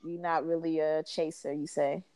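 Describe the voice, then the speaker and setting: A woman's voice: sits low, little pitch movement, normal speed, mellow, clear, resonant tone. Woman host asking probing questions. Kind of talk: casual chat.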